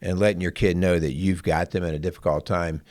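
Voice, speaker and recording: Middle-aged man, deep voice, reflective counselor co-host, dry close mic. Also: steady tone, darkish tone, no room sound. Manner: measured, reflective, with occasional throat clearing. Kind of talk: casual parenting podcast chat.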